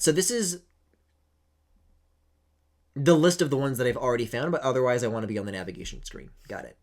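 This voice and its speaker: A man streaming a video game, chatting casually, rambling and swearing, with sudden excited squeals. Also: lowish voice. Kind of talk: casual live-stream commentary. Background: game music.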